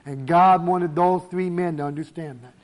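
A man preaching a sermon, emphatic, slowing down to stress key words. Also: high-pitched, fairly even intonation.

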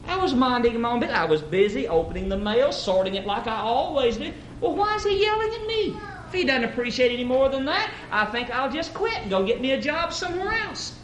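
A man's voice: very high-pitched, very animated, fast, hardly any pauses, reverberant, a little hiss or hum. A man voicing an upset female secretary who grumbles, then scolds the receptionist. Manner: self-pitying, grumbling.

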